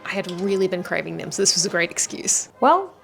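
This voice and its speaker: A woman's voice: lowish voice, big pitch swings, fairly quick, gravelly, fairly bright tone, faint music behind. A woman hosting a baking video channel, talking in a chatty, jokey, self-deprecating way. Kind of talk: casual vlog narration.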